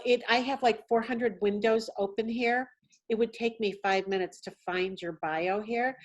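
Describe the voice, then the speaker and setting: A woman hosting a casual online meeting over a video call. Her voice has an ordinary middle pitch, and she talks in a chatty, informal way with plenty of fillers. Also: low-quality recording. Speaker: meeting host.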